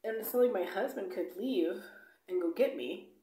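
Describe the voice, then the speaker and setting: A vlogger with a medium-pitched, dark-toned voice tells a travel story at a moderate pace in an echoey room. She is blunt and casual, swearing freely, saying "like" and "you know" a lot, and acting out the dialogue as she retells it.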